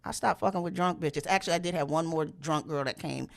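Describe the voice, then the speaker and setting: A woman telling a story in casual chat, animated and profane, and she jumps into loud high voices when she quotes people. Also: fast, creaky. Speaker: storyteller host.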